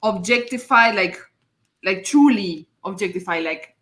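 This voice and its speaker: A woman's voice: mid-range voice, a little slow, a bit bright. A woman co-hosting a casual live-stream chat, who reads out the chat and thinks aloud hesitantly. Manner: hesitant, restarts while she thinks aloud. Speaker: co-host reading chat. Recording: echoey room.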